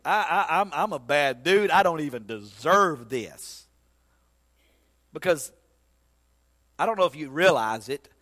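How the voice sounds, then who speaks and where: Casting: man preaching a sermon, bright forceful tone, lively folksy storytelling. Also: high-pitched. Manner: animated, folksy storytelling with sudden loud bursts. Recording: long hall reverb.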